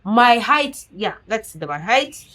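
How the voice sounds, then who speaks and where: A woman with a non-native English accent preaches an earnest motivational sermon. Her voice sits fairly high, and she presses her listeners with question after question. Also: very animated, slow, a bit bright, low-quality recording. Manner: earnest, exhorting, with many rhetorical questions.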